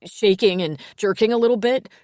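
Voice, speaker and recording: A woman's voice: mid-range voice, a little fast, darkish tone, no echo, studio quality, pitched above the performer's own voice, natural voice. A woman voicing a stammering frantic teen boy. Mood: panicked. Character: panicked seventeen-year-old boy.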